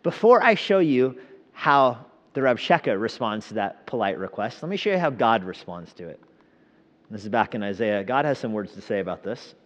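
A man's voice: lowish voice, big pitch swings, moderate pace. A man preaching a sermon in a church, breaking from dramatic readings into casual, joking asides. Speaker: pastor. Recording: echoey hall, dull sound.

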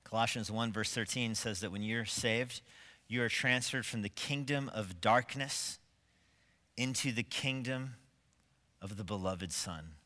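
Emphatic pastor with a bright voice. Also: male voice, on the low side, a little slow, in a large hall. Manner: emphatic, building to forceful stresses; asks rhetorical questions of the congregation. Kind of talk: sermon. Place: church sanctuary.

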